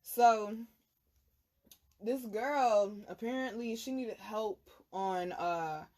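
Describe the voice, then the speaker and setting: A woman host telling a personal story in a blunt, animated, profane way. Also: fairly high pitch, very slow. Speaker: tarot reader and channel host. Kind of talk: casual storytelling.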